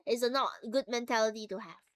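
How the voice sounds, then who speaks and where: A woman's voice: fairly high pitch, fast talker, dry recording. A woman streamer chatting casually to her livestream viewers from home, rambling and playful as she drifts between topics. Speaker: VTuber streamer. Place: at home, sitting on the floor.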